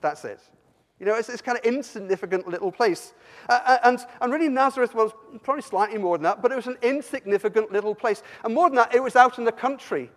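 A man from Somerset preaching a sermon, animated and emphatic, often stumbling and restarting his words. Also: very high voice, fast talker. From Somerset, England. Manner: animated, rising to emphatic peaks, frequent stammered restarts. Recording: long hall reverb.

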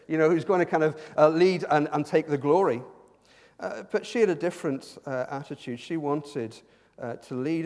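High-voiced pastor preaching in a hall. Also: male voice. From Ireland. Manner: conversational, joking asides, repeats words when starting a sentence. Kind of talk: sermon. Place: church hall.

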